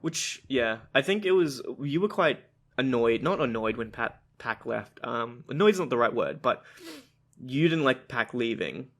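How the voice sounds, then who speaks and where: Man, podcast co-host, casual chat, laughs a lot, quick reactions, animated pitch.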